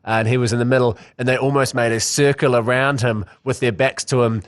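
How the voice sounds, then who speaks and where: A man with a New Zealand accent co-hosting a casual podcast chat with wry, deadpan humour. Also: mid-range voice, fairly quick, no echo, studio quality. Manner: wry, deadpan jokes, many fillers. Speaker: podcast co-host.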